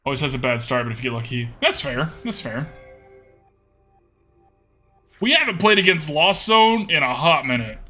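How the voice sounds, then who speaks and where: Young guy streaming a card game, kinda high voice, talks to himself a lot, lots of hmms and okays. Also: big pitch swings, normal speed, long pauses, pushed and bright, soft background music. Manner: thinks aloud with murmured hmms and repeated okays. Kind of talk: casual live gameplay commentary.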